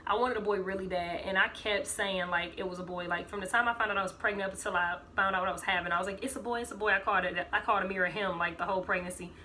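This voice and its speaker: A young woman tells a personal story in a loose, rambling way and leans on lots of fillers. Her voice sounds bright and a little tense. A faint hiss sits under her voice. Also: medium pitch, steady tone, very fast, hardly any pauses. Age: 20s. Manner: rambling, filler-heavy, acts out quoted voices. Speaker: vlogger. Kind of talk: casual storytime vlog.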